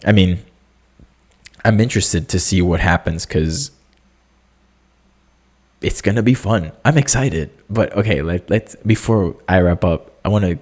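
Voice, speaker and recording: Low-voiced man chatting on his solo podcast. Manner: animated, jokey, many fillers, squeaky excited impressions. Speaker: podcast host. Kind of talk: casual solo podcast chat.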